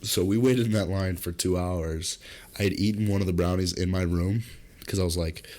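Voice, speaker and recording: A young man with a very low voice tells a rambling party story on a casual podcast. He swears freely and keeps jumping into shrill, loud acted quotes. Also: moderate pace. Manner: animated storyteller, jumps high into acted quotes; swears freely, comic deadpan asides. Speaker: podcast co-host.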